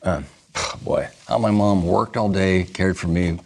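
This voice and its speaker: A man's voice: low voice, steady tone, unhurried, a little mellow. Playful man guest reading jokes aloud. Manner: playful, laughing at his own punchlines. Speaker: talk show guest. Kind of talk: reading jokes on a talk show.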